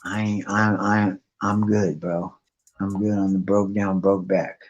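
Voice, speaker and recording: A man's voice: low-pitched, little pitch movement, a little slow. A man chatting on a live stream, rambling and swearing constantly. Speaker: guest on a live stream chat. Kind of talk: casual rambling chat. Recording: muffled lo-fi stream audio with faint music.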